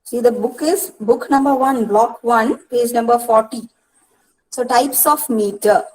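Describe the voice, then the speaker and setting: In an online counselling lecture, a woman with an Indian English accent explains poetry step by step at a deliberately slow pace, often saying "see" and repeating herself. Her voice is fairly high in pitch yet darkish in tone. The recording quality is low.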